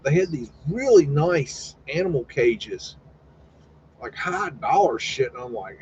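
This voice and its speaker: A man's voice: on the high side, big pitch swings, moderate pace, a little mellow. A man hosting a live stream, chatting casually and loosely, swearing now and then. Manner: folksy, swears casually, retells chats in quoted voices. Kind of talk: casual rambling commentary. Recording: slightly dull, faint background noise.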